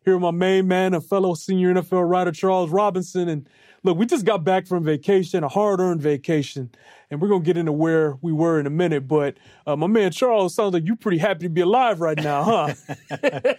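A man's voice: sits high, a little fast, darkish tone, no room sound, studio quality. A man hosting a sports podcast, upbeat and teasing in casual chat. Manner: upbeat, teasing, laughs along. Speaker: podcast host, NFL writer.

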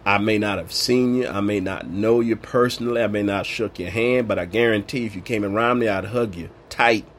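A man's voice: on the low side, fairly quick, a little hiss or hum. A man giving an informal sermon, preaching in an emphatic, colloquial way. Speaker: Bible teacher.

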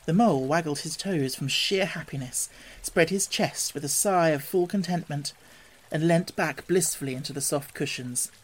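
A narrator reading a classic storybook in a calm, measured way, quieter and lower than the character voices.

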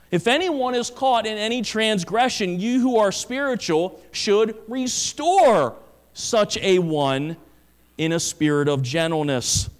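A male pastor preaching a sermon, reading Scripture and stressing key words with sweeping emphasis. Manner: emphatic preaching with dramatic pitch swings.

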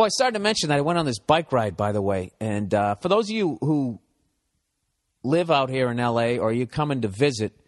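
A man's voice: mid-range voice, in a large hall. A man hosting a solo podcast, telling stories in a profane, self-mocking ramble. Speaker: podcast host.

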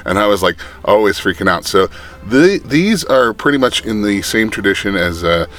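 Deep-voiced male producer, casual podcast chat, halting with lots of fillers, faint music underneath. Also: lively intonation, a bit bright. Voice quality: halting, many fillers and restarts. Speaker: audiobook producer.

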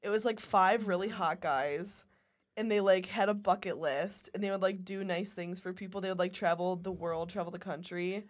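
A woman's voice: on the low side, fairly even intonation, normal speed. A woman from the United States co-hosting a podcast in casual chat, giggly and full of "like" fillers. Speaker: podcast co-host.

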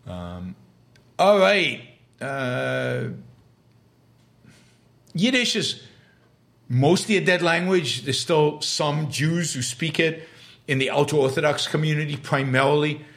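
A man hosting a live stream, reading viewer questions aloud and answering them in a halting, emphatic way, often restarting his words. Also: a little high, animated, vocal fry, fairly bright tone. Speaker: host.

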